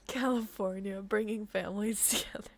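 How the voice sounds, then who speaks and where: A young woman reading a romantic visual novel aloud, often giggling and apologizing between softly read passages. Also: medium pitch, fairly even intonation, moderate pace, gravelly. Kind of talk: reading game text aloud with chatty asides.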